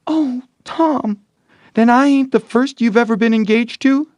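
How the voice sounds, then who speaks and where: A man's voice: on the high side, lively intonation, normal speed, darkish tone, no room sound, pitched above the performer's own voice, natural voice. A man voicing a shy, tender young girl in an audiobook, speaking in a timid, pleading way. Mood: hurt. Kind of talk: audiobook reading.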